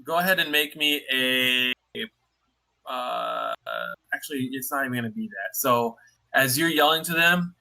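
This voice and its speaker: A man's voice: mid-range voice, a little slow, pushed and bright. A man narrating as dungeon master in a tabletop game, in a loose style full of fillers.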